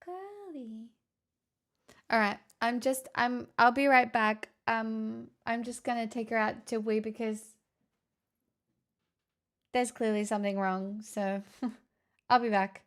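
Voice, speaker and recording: A woman's voice: fairly high pitch, flat delivery, measured pace, clean tone. A young woman streaming live, reading out chat messages with playful quips.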